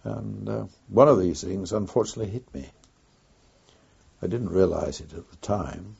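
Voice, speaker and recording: An older man, a former wartime pilot, recounting his memories in an oral history interview with an unhurried, reflective pace and frequent pauses. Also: low voice, creaky, a little mellow, husky. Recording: dull lo-fi recording.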